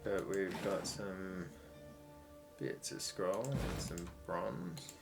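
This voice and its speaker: A man casually commenting on a video game he plays, chatty, excitable and swearing often. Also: low-pitched, very slow, creaky. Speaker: let's play host. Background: game music.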